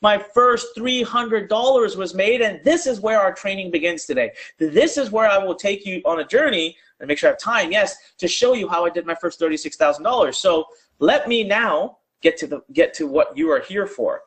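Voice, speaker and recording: High-voiced man pitching a live stream. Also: moderate pace, fairly bright tone. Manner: urgent and conversational, drives audience to type replies in chat; casual with fillers and slang. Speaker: online business coach.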